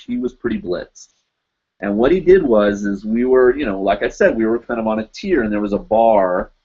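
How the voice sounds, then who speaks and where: A man hosting a live chat show, telling a long story casually and filling it with "you know" and "like". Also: fairly low pitch. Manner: rambling, loaded with "you know" and "like". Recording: dull lo-fi livestream audio.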